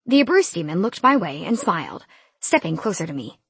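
A woman reading a first-person fantasy audiobook in an expressive, lively storytelling manner. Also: lowish voice, brisk, slightly rough, no echo. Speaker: audiobook narrator.

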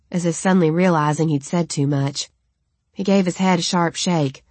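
A woman narrating a first-person novel in a steady, even storytelling manner. Her voice is on the lower side for a woman. The recording is dry and close, with no room sound. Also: normal speed, no room sound. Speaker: audiobook narrator.

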